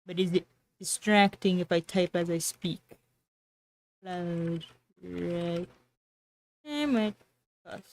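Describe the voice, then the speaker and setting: A woman's voice: lowish voice, level tone, slow pace, long pauses. A woman streamer chatting casually and sarcastically, often trailing off and restarting her sentences. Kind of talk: casual livestream chat.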